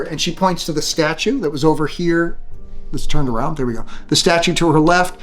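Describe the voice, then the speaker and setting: Fairly high male voice running a tabletop game, chatty and loose, lots of "like"s, faint music underneath. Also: fairly quick, rough recording. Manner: casual, full of fillers like "like" and "um". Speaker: game master.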